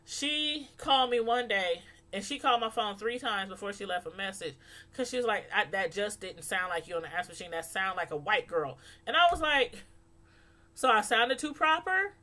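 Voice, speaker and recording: A woman speaking African American Vernacular English, chatting casually to camera as a reviewer, animated and laughing often as she acts out voices. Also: mid-range voice, brisk. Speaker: YouTube reality-show reviewer.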